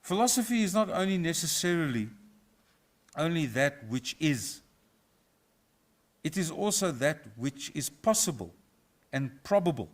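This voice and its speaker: A middle-aged professor from South Africa, giving a formal inaugural lecture in a measured, reflective way with a touch of humour. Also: male voice, on the high side, sing-song. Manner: measured, reflective, lightly humorous. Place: university auditorium.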